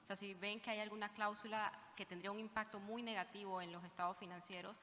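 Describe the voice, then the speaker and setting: Woman panelist, rapid speech, earnest urging tone, lots of fillers, reverberant hall. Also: mid-range voice, level tone, bright, forceful tone. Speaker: consultant on panel. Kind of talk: answering a question at a panel. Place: conference hall. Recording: reverberant hall with faint noise.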